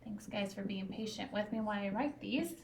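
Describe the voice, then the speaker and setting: A woman teaching a phonics lesson to young students at a whiteboard, sounding out words slowly and patiently. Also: mid-range voice, vocal fry, a little mellow, slight background noise. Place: classroom at a whiteboard.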